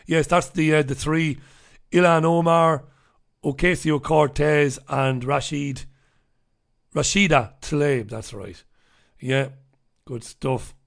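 A man hosting his own radio show and livestream reads through viewer comments in a casual, sardonic, profane and rambling way. His voice is fairly high with a steady tone, and he talks slowly and creakily, pausing often.

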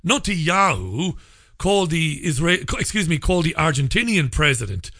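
A man's voice: fairly high pitch, sing-song, normal speed, bright, forceful tone, no echo, studio quality. A man hosting a radio talk show, delivering an opinionated, sarcastic and profane monologue. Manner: sarcastic, profane, ranting with mocking laughter.

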